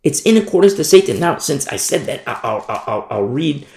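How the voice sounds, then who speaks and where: A man's voice: a little high, very animated, brisk, vocal fry, a little mellow. A man preaching a sermon as a pastor, emphatic and repetitive, often asking his listeners "you see?". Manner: emphatic preaching, repeats key words, asks "you see?". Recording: roomy echo.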